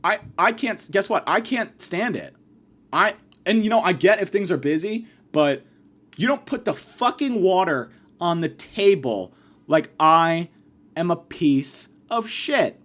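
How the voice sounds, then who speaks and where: A man delivering a profane comedic rant, abrasive and insulting, swinging from yelling to muttering. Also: sits high, lively intonation, a little slow. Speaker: comedic ranter.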